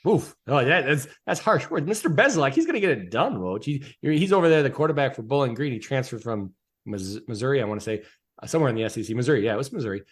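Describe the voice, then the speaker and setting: A man's voice: mid-range voice, fast, husky. A man with a mid-range voice co-hosts a casual sports podcast. He is chatty and teasing, often laughing as he talks. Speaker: podcast co-host. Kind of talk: casual sports betting chat.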